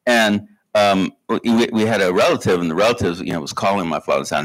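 Brief: male author, deep and lively, halting storyteller, live library stage. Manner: halting, many restarts, laughing while telling stories. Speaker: author guest. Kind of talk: live onstage conversation, storytelling. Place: library stage before an audience.

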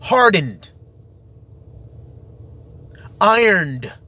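A man's voice: high voice, big pitch swings, drawn-out words, sharp tone, slightly rough. A man preaching in an emphatic, rambling monologue, full of rhetorical questions.

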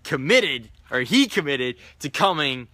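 A man's voice: on the high side, sing-song, unhurried, sharp tone, no echo. A man, a sales trainer, telling a coaching story in a daily video, animatedly acting out what people said.

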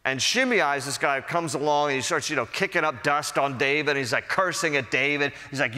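Man, pastor, Bible study teaching, crisp bright tone, lively conversational storytelling, long church reverb. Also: a little high, brisk, few pauses. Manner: conversational, animated storytelling with acted-out quotes. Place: church sanctuary.

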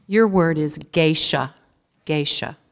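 A woman with a low, deep voice calls out words one by one, saying each clearly and more than once. She reads definitions and sample sentences in a measured, formal tone. Her voice rings with the long reverb of a big school auditorium. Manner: measured, even, repeats each word clearly. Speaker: spelling bee pronouncer. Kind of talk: formal word reading with definitions. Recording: long reverb of a large hall.

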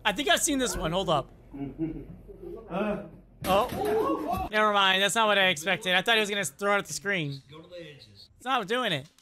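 A reaction video host giving casual commentary on fail clips, animated and exclaiming, voicing what the people and animals in the clips might be thinking. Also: mid-range voice, moderate pace, pauses often, background noise.

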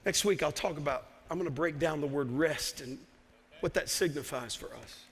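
A man's voice: a little high, moderate pace, long reverb tail. A man preaching a sermon as pastor, emphatic and repeating key phrases. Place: church sanctuary.

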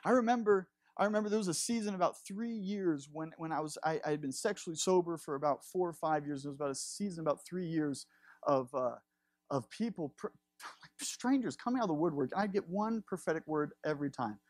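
A man's voice: a little high, a little fast, no echo, studio quality. A man in his thirties preaching a sermon, impassioned and confessional, with laughing asides. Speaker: pastor.

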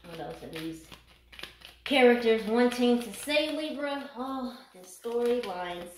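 A woman's voice: fairly high pitch, animated, slow pace, a little hiss or hum. A woman giving a casual tarot reading in a chatty, joking way, swearing freely and laughing often. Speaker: tarot reader. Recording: echoey room.

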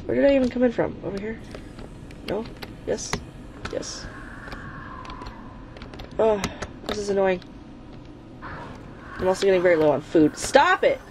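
A woman's voice: mid-range voice, lively intonation, unhurried, long pauses, noisy background. Exasperated woman cursing through a game. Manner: chants repeated urging phrases. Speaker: gaming channel host. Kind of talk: let's play commentary.

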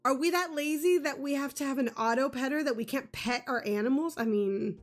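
A woman's voice: high voice, fairly quick, soft background music. A woman streaming a farming game, chatting casually, reading game text aloud and laughing often. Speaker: gaming streamer. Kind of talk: casual let's-play chat.

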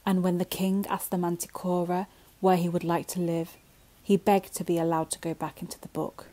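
A woman telling a bedtime story in a gentle, slow way that sometimes drops to a whisper. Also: fairly low pitch, flat delivery, low-quality recording.

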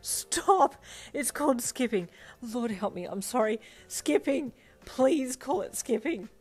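A woman's voice: fairly high pitch, animated, slow, breathy edge, soft background music, voice pushed up, full character voice. A woman voicing a young woman who shrieks and cackles through tears of laughter. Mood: hysterical laughing.

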